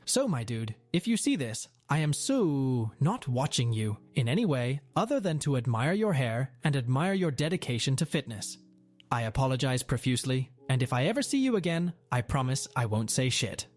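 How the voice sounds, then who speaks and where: A man's voice: medium pitch, very animated, moderate pace, faint music behind. Wry male narrator reading a Reddit post.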